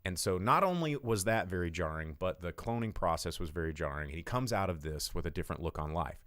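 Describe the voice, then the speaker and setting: Low-voiced man rambling through a movie recap. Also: animated, fast, a bit bright, no echo, studio quality. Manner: rambling, irreverent, swears freely. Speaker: podcast host. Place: home studio.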